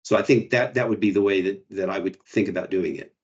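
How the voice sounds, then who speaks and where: Male academic presenter, low-pitched, halting explanations over slightly dull audio. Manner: hesitant, restarts, frequent "you know" and "right". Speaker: guest presenter. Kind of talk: academic Q&A answers.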